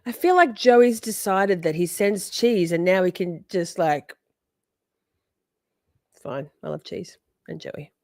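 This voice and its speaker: A woman's voice: fairly low pitch, animated, takes it slowly, long pauses, darkish tone, no room sound, clean studio sound. A woman in her forties hosting a casual livestream, teasing her chat and swearing freely. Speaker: livestream host.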